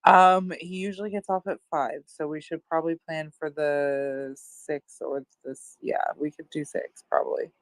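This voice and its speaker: A woman co-hosting a casual beauty chat, friendly and quick to laugh. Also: deep voice, steady tone, no echo. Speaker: guest co-host. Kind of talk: casual chat on a live audio room.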